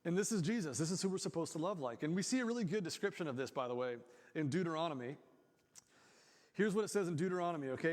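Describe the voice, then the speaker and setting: Guy pastor preaching in a church, talks super casual, slightly high voice, big reverb. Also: animated, fast. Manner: casual, conversational, acts out quotes. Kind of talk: sermon.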